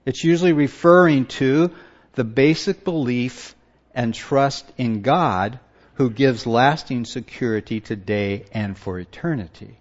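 A man preaching a sermon, slow and emphatic, often stopping to ask his listeners questions and repeating his words. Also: mid-range voice, animated, a little mellow, dull audio.

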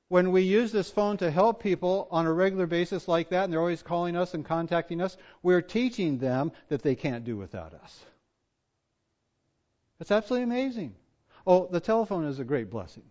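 A pastor preaching a sermon, swinging from hushed asides to loud emphatic points. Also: male voice, on the high side. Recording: dull lo-fi church recording.

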